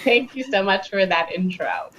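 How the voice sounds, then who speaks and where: A woman from the northern United States speaking as a radio interview guest. She answers in a friendly, soft-spoken way, with a pitch in an ordinary middle range for a woman. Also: moderate pace, slight background noise. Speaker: interview guest, communications executive. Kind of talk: casual interview conversation.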